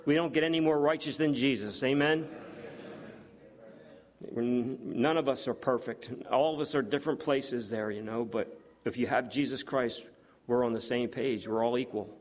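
A man's voice: mid-range voice, moderate pace. Earnest man preaching a sermon. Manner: earnest, rises to excited exclamations, many fillers.

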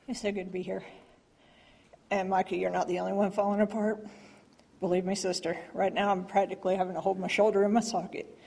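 A woman sharing a heartfelt personal testimony at church, rambling with many pauses and restarts. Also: mid-range voice, flat delivery, gravelly, dark tone, husky. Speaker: church member giving testimony.

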